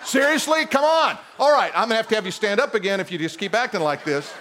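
Animated high-voiced middle-aged male pastor. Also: fast talker, a little hiss or hum. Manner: animated, teasing the congregation. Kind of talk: sermon.

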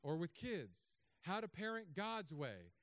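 Pastor, male, 30s, high voice, dry close sound, joking sarcastic sermon delivery. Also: a little slow, dry recording. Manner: humorous, sarcastic asides with animated swings.

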